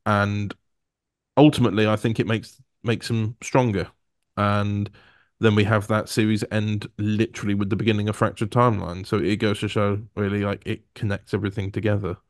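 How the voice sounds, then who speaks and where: A man with a fairly low voice hosts a relaxed interview. He speaks haltingly, often starting a phrase over before he finishes it. The sound is dry and close to the mic. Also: no echo. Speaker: interviewer, co-creator. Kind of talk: casual interview chat.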